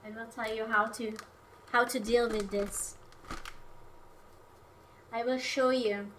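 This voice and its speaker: Playful bright-voiced young woman streamer. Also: a little high, steady tone, takes it slowly, slight background noise. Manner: playful, teasing, self-mocking. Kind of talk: casual livestream chat while cooking.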